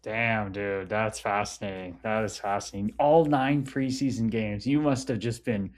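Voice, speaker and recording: A man's voice: lowish voice, steady tone, moderate pace. A man hosting a podcast, a former hockey player who reacts with enthusiasm and swears freely. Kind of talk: casual podcast interview.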